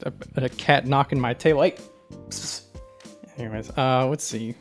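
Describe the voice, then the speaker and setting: A man's voice: mid-range voice, normal speed, soft background music. A man hosting a casual podcast, opening the show and trading playful, jokey banter. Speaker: podcast host. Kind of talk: casual chat.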